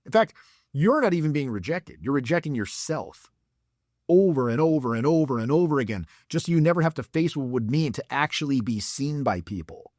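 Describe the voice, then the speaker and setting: A man's voice: mid-range voice, lively intonation, a little fast, darkish tone, dry recording, clean studio sound. A man giving blunt, profane dating advice as a coach. He talks in a mocking way and acts out examples in put-on voices.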